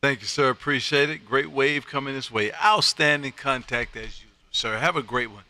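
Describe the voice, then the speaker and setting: A man from Texas, making ham radio contacts on a live stream from his radio room, loud, upbeat and quick to laugh. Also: medium pitch, slight background noise. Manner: loud, upbeat, laughs often, friendly drawl.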